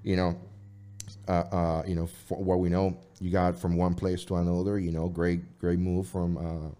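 Deep-voiced man rambling in chat. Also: flat delivery, moderate pace, dark tone, smooth. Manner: rambling, many fillers and restarts. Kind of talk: casual chat.

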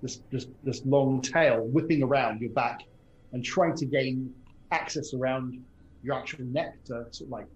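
A man's voice: mid-range voice, lo-fi sound. A man running a tabletop game as game master, describing the action with frequent ums and restarts. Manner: halting, many ums and restarts. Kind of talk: narrating a tabletop horror game.

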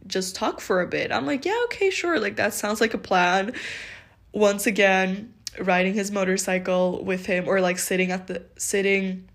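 A woman's voice: mid-range voice, a bit bright. A woman in her twenties casually telling a dating story, chatty and full of fillers and laughs. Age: 20s.

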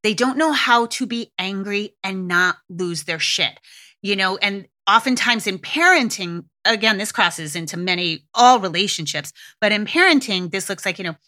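A woman hosting a podcast, talking frankly and casually with swearing and lively acted-out quotes. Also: mid-range voice, moderate pace. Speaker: podcast host. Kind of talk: casual solo podcast talk.

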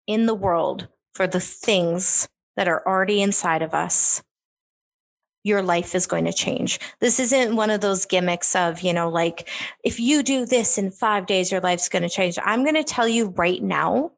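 A woman's voice: mid-range voice, vocal fry, a bit bright. A woman co-hosting a faith podcast, speaking emphatically and encouragingly with rhetorical questions. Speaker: podcast co-host.

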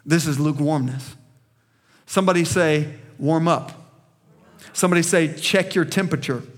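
A man's voice: fairly high pitch, moderate pace. A man preaching a sermon as pastor to a small congregation in a church, emphatic and impassioned, calling out to the people.

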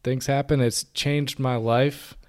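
A man's voice: mid-range voice, level tone, slow pace. A man co-hosting a podcast, talking in an earnest, reflective way about life choices. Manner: earnest, reflective, many restarts. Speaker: podcast co-host. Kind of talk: casual conversation.

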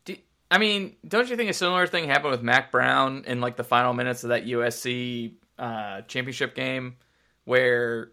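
Bright-voiced man in casual sports chat. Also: mid-range voice, normal speed, gravelly. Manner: rambling, digressive, swears casually. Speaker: podcast co-host.

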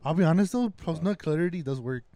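High-pitched joking young man. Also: animated, quick pace, a crowd in the background. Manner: blunt, joking, swears a lot. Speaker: podcast co-host. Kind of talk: casual chat.

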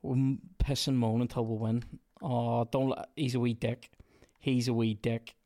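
A man's voice: mid-range voice, normal speed. Sweary Northern Irish man gaming. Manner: sweary, excitable outbursts at the game. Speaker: podcast host. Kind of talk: casual gaming chat and commentary. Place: indoors with a small audience.

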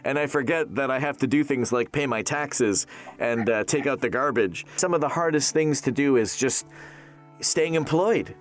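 A man in his thirties who works as a voice actor, chatting casually in an interview, animated and jokey, laughing often. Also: fairly high pitch.

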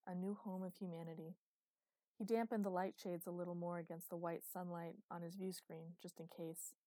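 Woman reading an audiobook, low dark mellow voice, steady, dry close sound. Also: normal speed, no echo, rough recording. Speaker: audiobook narrator. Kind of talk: scripted narration.

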